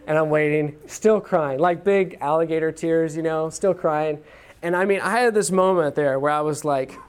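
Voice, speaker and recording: A man's voice: on the high side, moderate pace, clear, resonant tone. A man in his thirties giving a talk on parenting, telling a story about his own child and acting out what he said with small laughs. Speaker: speaker on parenting. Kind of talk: anecdotal teaching talk.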